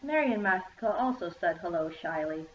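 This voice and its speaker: A woman's voice: on the low side, expressive, brisk, slight background noise. A woman reading her own children's story aloud in a plain manner. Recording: echoey room, dull lo-fi sound.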